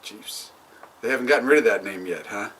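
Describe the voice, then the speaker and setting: A man's voice: on the low side, fairly quick, a bit bright, recorded from a distance, slight background noise. A man co-hosting a casual chat over drinks, teasing and laughing often. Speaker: podcast co-host.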